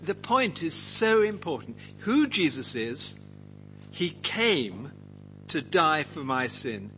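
A man's voice: fairly high pitch, big pitch swings, takes it slowly, pushed and bright, soft background music, low-quality recording. A man teaching a Bible passage to a group, asking them questions and acting out quotes. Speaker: preacher leading a Bible study.

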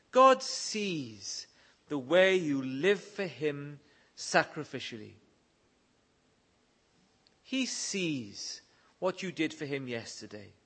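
Slow, earnest male preacher. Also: a little high, fairly bright tone. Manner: earnest preaching, reading scripture aloud. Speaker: pastor. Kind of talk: sermon.

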